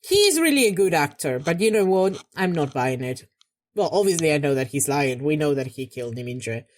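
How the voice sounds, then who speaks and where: A young woman hosting a reaction video, talking back at the screen in casual commentary and getting loud when angry. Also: low voice, lively intonation, fairly quick.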